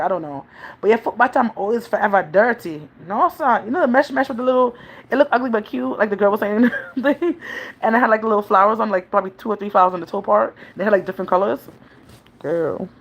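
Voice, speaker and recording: Chatty New mom vlogger. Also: female voice, medium pitch, rapid-fire. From New York City. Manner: chatty, rambling, laughs often. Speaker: vlogger, mother. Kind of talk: casual chat to viewers. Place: home, New York.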